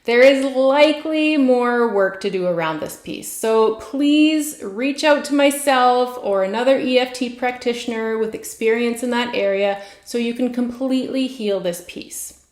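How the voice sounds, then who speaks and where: Gentle high-voiced woman guiding tapping. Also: unhurried, echoey room. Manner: gentle, soothing, encouraging. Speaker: tapping practitioner. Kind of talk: guided tapping instruction.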